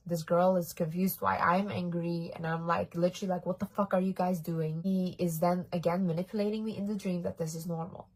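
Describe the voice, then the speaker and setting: A young woman vlogger telling a personal story to the camera in a candid, animated way. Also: lowish voice. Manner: candid, animated retelling with swearing.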